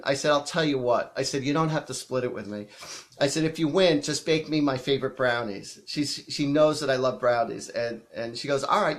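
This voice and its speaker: A fairly high-voiced man hosts a live psychic medium stream in a chatty, animated way, acting out the people in his stories. He sounds a little sniffly from allergies, speaking close to the mic. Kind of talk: casual live-stream storytelling.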